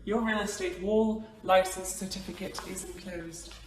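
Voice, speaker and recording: A woman's voice: medium pitch, fairly even intonation, moderate pace, recorded from a distance, natural voice. A woman putting on a silly mock-formal accent. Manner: exaggerated silly accent, stiff formal reading. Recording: echoey room, away from the mic.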